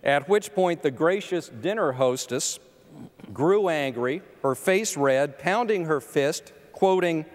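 Male moderator, formal prepared intro, careful quoting; slightly high voice, long hall echo. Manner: deliberate, quotes passages carefully. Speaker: panel moderator. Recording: echoey hall.

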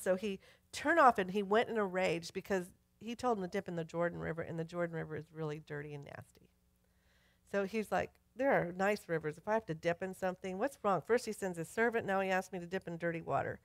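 A woman pastor preaching a sermon, telling a Bible story with lively bursts of emphasis and reading scripture aloud. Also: mid-range voice, brisk, no room sound. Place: church sanctuary.

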